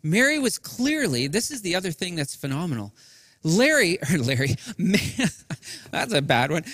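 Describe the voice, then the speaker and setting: A middle-aged man, a pastor, preaching an Easter sermon with earnest emphasis that drops soft and low in quiet passages. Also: no room sound, clean studio sound, big-room sound. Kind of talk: Easter sermon streamed to people at home.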